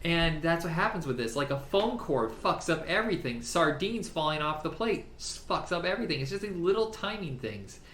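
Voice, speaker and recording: A man co-hosting a podcast, chatting casually about films, animated and freely swearing, laughing often. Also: a little high, a little fast, hardly any pauses. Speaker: podcast co-host. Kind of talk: casual film chat. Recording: roomy with faint background noise.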